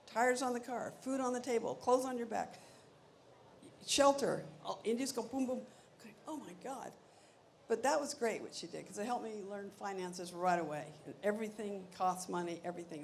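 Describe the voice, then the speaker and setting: An older woman sits for an on-stage interview, sharing stories from her life. Her voice has a gravelly edge, and she acts out the people she quotes with lively energy. A faint background hum sits under the voice. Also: medium pitch. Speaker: interview guest. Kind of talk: anecdotal storytelling on stage.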